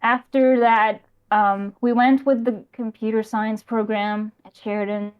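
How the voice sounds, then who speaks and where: A young adult woman calling in over a voice call, talking in a halting way that often trails off. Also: on the high side, flat delivery, clear, resonant tone, highs cut off. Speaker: caller. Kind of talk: casual call-in chat.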